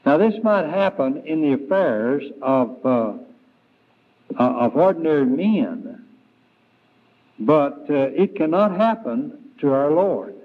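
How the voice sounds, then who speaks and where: A man preaching an evening Bible lesson, slow and deliberate, with frequent fillers and restarts. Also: a little high, animated. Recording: tinny, phone-like 1990s church tape.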